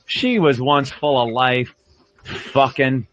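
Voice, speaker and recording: A man's voice: medium pitch, slow, fairly bright tone, dry recording. Crude rambling radio host, man. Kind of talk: crude studio banter. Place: radio studio. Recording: dull lo-fi broadcast audio.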